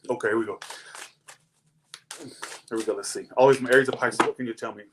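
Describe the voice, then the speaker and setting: A young man talks in a loose, animated way, drifting between family stories and tarot readings. He swears casually and his voice sits at an ordinary middle pitch. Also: fast, background noise. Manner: animated, laughing, swearing, chatty. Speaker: tarot reader.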